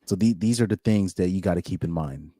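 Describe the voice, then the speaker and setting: A man's voice: sits low, a little fast, warm tone, no room sound. Opinionated man on a dry close mic. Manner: opinionated, repeats phrases for emphasis. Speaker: channel host. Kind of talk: casual live reaction commentary.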